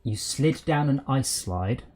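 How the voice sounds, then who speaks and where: Male streamer, casual and rambling, pitch swinging up and down as he talks through a game. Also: animated, takes it slowly, a little mellow. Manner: chatty, rambling, troubleshooting aloud with many fillers. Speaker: streamer hosting a LAN game session. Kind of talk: casual chat while gaming.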